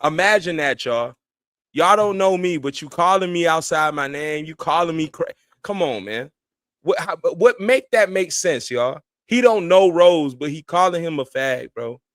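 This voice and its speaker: A man's voice: fairly high pitch, animated, a little slow, a bit bright, no echo. A man hosting a live stream, giving casual commentary in a blunt, heated and profane way. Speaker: streamer host.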